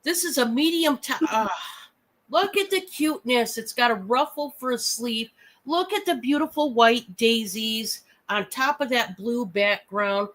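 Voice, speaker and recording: A hoarse woman with a cold, her voice deepened, chatting and gushing as she hosts a live sale. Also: a little slow, fairly bright tone. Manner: chatty, laughing, gushing over items. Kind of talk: casual live selling chat.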